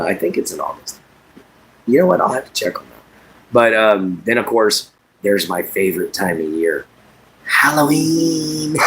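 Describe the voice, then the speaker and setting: A man's voice: on the low side, a bit bright, breathy edge. A man hosting a casual livestream, rambling in a folksy way, laughing often as he reads and answers viewer chat.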